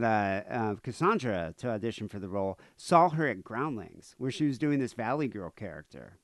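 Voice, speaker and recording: A male podcast co-host in a loose, wandering chat. He stops and restarts often and fills the gaps with "uh" and "you know". His voice sits at a middling pitch and is recorded very dry and close. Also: no echo. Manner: rambling, heavy with "uh" and "you know". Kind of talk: casual storytelling chat.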